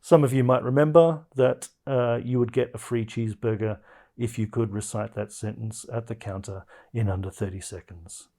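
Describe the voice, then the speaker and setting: A man's voice: mid-range voice, fairly even intonation, normal speed, warm tone. A man hosting a comedy podcast, chatting in a wry, loose way with plenty of fillers. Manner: wry, hesitant with many fillers. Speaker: podcast host. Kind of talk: casual comedic podcast chat.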